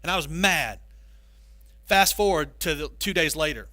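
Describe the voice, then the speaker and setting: A male pastor giving a sermon, telling stories with animated, self-mocking humor. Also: on the high side, moderate pace, dry recording.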